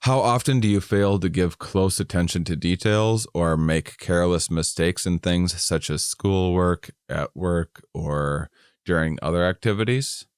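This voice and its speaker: A man's voice: low voice, measured pace, smooth, no echo, clean studio sound. A middle-aged man co-hosting a casual podcast, rambling and self-deprecating as he reads survey questions aloud. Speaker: podcast co-host.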